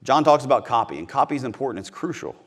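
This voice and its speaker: A middle-aged man from Missouri, a podcast host who teaches sales, delivers a punchy, emphatic motivational talk and keeps repeating his key phrases. He talks fast and sounds animated, with a medium-pitched voice.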